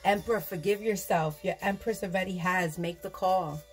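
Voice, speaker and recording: A woman's voice: on the low side, normal speed, soft background music. A tired woman giving a casual tarot reading, loose and laughing, swearing and slipping into whispers. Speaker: tarot reader.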